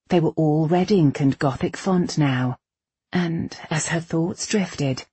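Very husky low-voiced woman narrator. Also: darkish tone, no room sound. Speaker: audiobook narrator. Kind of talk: scripted fantasy narration.

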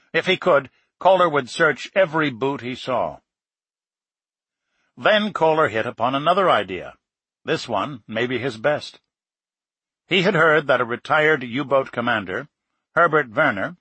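A man reading a nonfiction story aloud in steady, measured scripted narration. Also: mid-range voice, breathy edge, no echo. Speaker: audiobook narrator.

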